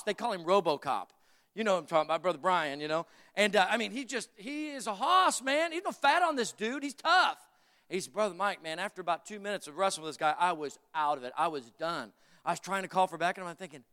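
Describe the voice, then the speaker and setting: A middle-aged man preaches to his congregation, keeping it loose with jokes and homespun stories. His voice sits high and bright. It carries a long reverb from the church sanctuary. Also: expressive, fairly quick. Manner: folksy, joking storyteller addressing the congregation. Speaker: pastor. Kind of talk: sermon.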